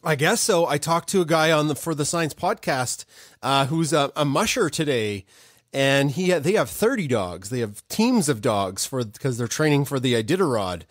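A man's voice: on the high side, animated, normal speed, no echo, studio quality. A man hosting a casual live audio chat, rambling and joking as he goes. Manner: rambling, joking, self-interrupting. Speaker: host.

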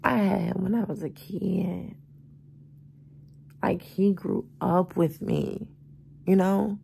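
Lying in bed in her bedroom, a thirty-year-old vlogger chats expressively in a casual morning vlog, calling her viewers y'all and baby. She has just woken up and is tired and groggy, speaking slowly and flatly in a fairly low, creaky voice with a warm tone. There's slight background noise.

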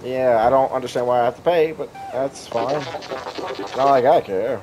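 A man's voice: mid-range voice, normal speed, lo-fi sound, background noise. A young man giving sarcastic, jokey let's-play commentary, chatting to the game's characters as he plays. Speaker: gaming YouTuber.

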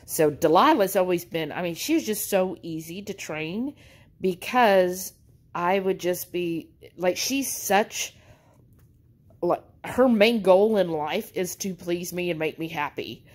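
A woman vlogger chatting casually to camera in an animated, storytelling way. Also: lowish voice, slow pace, poor audio.

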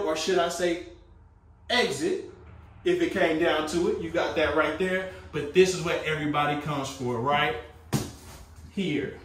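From inside a small, furnished tiny home, a man who hosts for a tiny home company leads a casual sales tour full of cheerful pitch talk, addressing his audience as guys. His voice is a little high, the sound is roomy, and he's recorded from a distance.

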